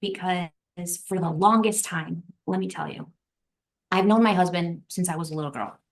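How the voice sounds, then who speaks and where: A woman's voice: lowish voice, moderate pace. A woman guest on a podcast, talking in an earnest, reflective way and repeating phrases for emphasis. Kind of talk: heartfelt podcast conversation.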